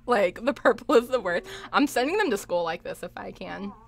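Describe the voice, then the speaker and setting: A woman's voice: medium pitch, animated, brisk, gravelly. A young woman chatting casually on a live game stream, laughing a lot and reading viewer comments aloud. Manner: giggly, laughs often, reads chat aloud. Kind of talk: live gameplay stream chat.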